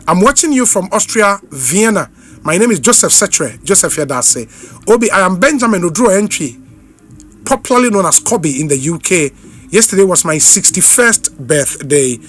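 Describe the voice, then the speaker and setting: A Ghanaian man hosts a live radio show, his voice sitting a little high for a man. He runs briskly through listener greetings and switches easily between English and Twi. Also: a bit bright. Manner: reads out names and greetings briskly, repeats phone numbers slowly.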